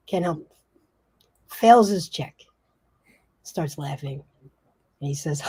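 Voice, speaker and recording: A woman narrating a tabletop role-playing game as game master, in a halting way with frequent restarts. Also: deep voice, lively intonation, dark tone, breathy edge. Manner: halting, many fillers and restarts.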